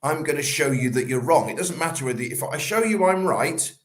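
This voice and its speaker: Animated man coaching on sales. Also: a little high, brisk, reverberant. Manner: animated, acts out little scenes in quoted voices. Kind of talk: casual podcast talk.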